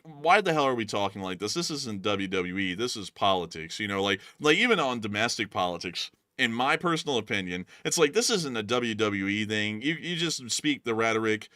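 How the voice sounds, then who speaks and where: Male host, bright tense tone, dry close sound, rambling casual commentary. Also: fairly low pitch, expressive, fairly quick, hardly any pauses, no room sound. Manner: rambling, heavy on fillers and restarts. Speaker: news show host.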